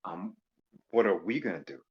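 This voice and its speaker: A man's voice: low-pitched, animated, moderate pace, husky, highs cut off. A man from Louisiana calling in to a stream, joking and rambling with lots of fillers. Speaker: caller. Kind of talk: casual call-in chat. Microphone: voice call microphone.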